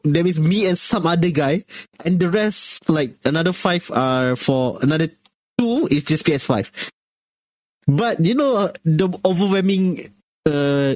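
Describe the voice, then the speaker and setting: A man with a Malaysian English accent co-hosting a casual gaming podcast, telling stories in an animated way. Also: on the high side, normal speed, no room sound. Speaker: podcast co-host. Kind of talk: casual chat.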